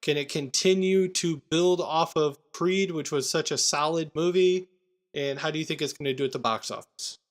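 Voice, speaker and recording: Chatty higher-voiced male podcast host. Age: adult parent. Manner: chatty, quick asides and restarts. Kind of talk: casual movie chat.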